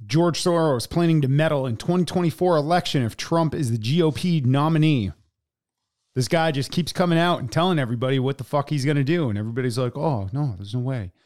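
A man's voice: fairly high pitch, darkish tone. A man co-hosting a podcast, reading political articles aloud with frequent fillers and profane editorial remarks. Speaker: podcast co-host. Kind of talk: reading news articles with commentary.

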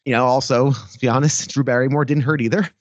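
A man's voice: medium pitch, fast, dry recording, highs cut off. A man co-hosting a movie podcast, chatting casually and telling stories with laughs. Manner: animated, laughing storyteller. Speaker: podcast co-host.

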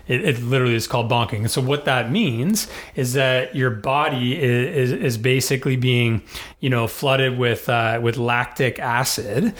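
A man's voice: mid-range voice, normal speed, a bit bright. A man telling a personal story in a casual chat, rambling with many fillers and restarts.

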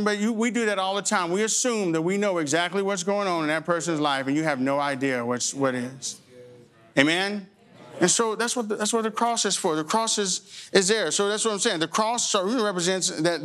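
A male pastor preaches with humorous storytelling and an animated, conversational delivery. His voice sits high for a man and rings bright. He moves easily between anecdote and fervent preaching.

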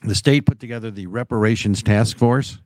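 A man with a lowish voice chats through politics on a podcast, wry and sarcastic. He rambles, restarts his sentences, and keeps a knowing tone. The sound is dry and close. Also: a little fast, no room sound. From United States. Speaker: podcast co-host. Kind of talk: casual political chat.

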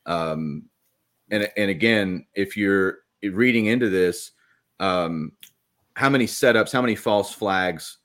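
A middle-aged man co-hosting a political podcast, giving measured, opinionated takes with frequent hesitations. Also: sits low, fairly bright tone. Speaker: podcast co-host. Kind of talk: casual political podcast chat.

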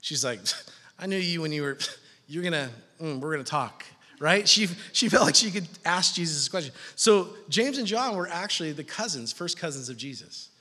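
A middle-aged male pastor preaches with a high, bright voice that swings widely in pitch. He tells funny stories and acts out quoted voices. His voice carries a long reverb, as in a church hall. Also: moderate pace. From California. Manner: animated, joking storyteller, acts out quoted voices. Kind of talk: sermon.

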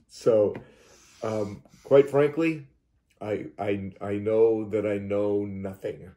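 A man's voice: fairly low pitch, fairly even intonation, normal speed, dark tone. A man, a hypnotherapist, telling his experience in rambling first person, repeating and restarting words and acting out his own reactions.

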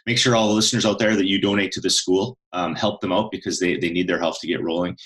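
A man's voice: low-pitched, steady tone, fast talker, fairly bright tone, low-quality recording. A man hosting a chiropractic podcast, casual and upbeat, often repeating words as he talks. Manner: enthusiastic, casual, repeats himself. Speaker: podcast host. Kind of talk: podcast interview.

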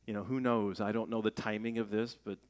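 A man's voice: lowish voice, flat delivery, brisk. A middle-aged man preaching a sermon in a conversational way, asking rhetorical questions and raising his voice for emphasis. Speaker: pastor.

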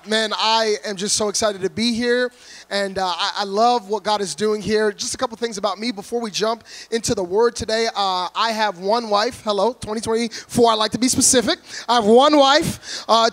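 Man from Florida, guest preacher, very high voice, loud and joking, live church sermon. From Orlando, Florida, USA. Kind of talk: humorous sermon to a congregation. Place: church before a live congregation.

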